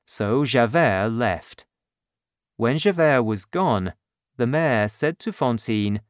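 Slow, expressive male audiobook narrator. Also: mid-range voice, dry recording, studio quality.

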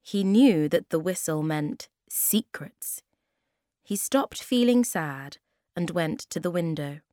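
Woman, children's audiobook narrator, slow gentle reading, dry close recording. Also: fairly low pitch, lively intonation, no room sound. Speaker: storybook reader.

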